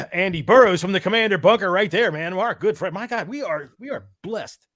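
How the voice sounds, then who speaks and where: Joking podcast host, slightly high voice. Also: male voice, brisk, fairly bright tone, no room sound, studio quality. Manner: joking, teasing, upbeat emcee. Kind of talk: casual chat.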